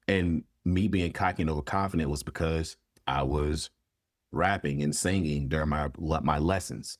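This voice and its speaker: A man's voice: a bass voice, moderate pace, no echo, studio quality. A man, a therapist and podcast guest, talking frankly in casual conversation, swearing freely and acting out quoted people.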